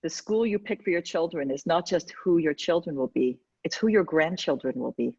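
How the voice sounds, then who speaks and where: A woman's voice: low-pitched, lively intonation, fast talker, darkish tone, slightly rough, dry recording. A woman educator guest in an interview, talking in an emphatic, persuasive way. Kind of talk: conversational interview. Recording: dull lo-fi dry sound.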